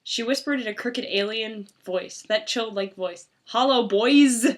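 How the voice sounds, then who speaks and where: A woman's voice: mid-range voice, normal speed, a bit bright. A woman reading bad fan fiction aloud for laughs, with sarcastic asides. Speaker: fanfiction reader. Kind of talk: mocking dramatic reading.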